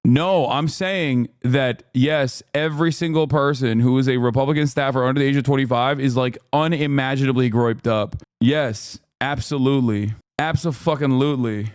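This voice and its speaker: A man's voice: medium pitch, moderate pace, few pauses, smooth, no echo. A man reacting on a livestream, ranting with profanity and sarcasm into a close mic. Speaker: streamer reacting to video.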